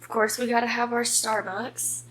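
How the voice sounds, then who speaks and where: A woman chatting excitedly as she recaps a book for her vlog, with the odd breathy whispered aside, filmed at home on a tripod camera. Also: fairly high pitch, normal speed. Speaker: book vlogger. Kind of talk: casual reading vlog chat. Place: home reading nook, indoors. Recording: roomy echo with faint background noise.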